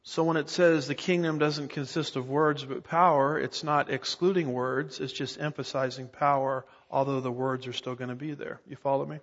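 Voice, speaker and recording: A man's voice: mid-range voice, fairly even intonation, normal speed, hardly any pauses, in a large hall, highs cut off. A middle-aged man preaching an expository sermon, emphatic and often asking his listeners rhetorical questions. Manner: emphatic teacher, asks the congregation rhetorical questions. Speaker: pastor.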